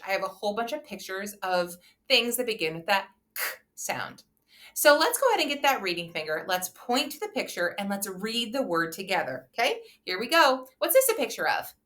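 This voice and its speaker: A young woman leads a phonics lesson for little kids with a bright, crisp tone. Her pitch swoops up and down as she cheers them on. She talks in an upbeat, encouraging sing-song and drags words out slowly. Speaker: teacher.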